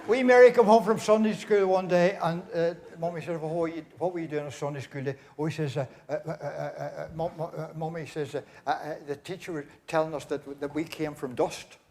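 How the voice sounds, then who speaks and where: A Northern Irish man with a notably high voice tells folksy jokes as compere of a live church concert. He acts out the characters' lines as he goes, with a faint hiss under the recording. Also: steady tone, brisk, hardly any pauses, darkish tone. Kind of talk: live joke-telling to an audience.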